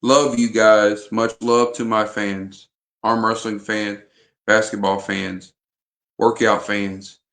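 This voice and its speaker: A man's voice: lowish voice, little pitch movement, slow pace, a bit bright. A man vlogging in a casual chat to camera, rambling and hesitant with frequent restarts.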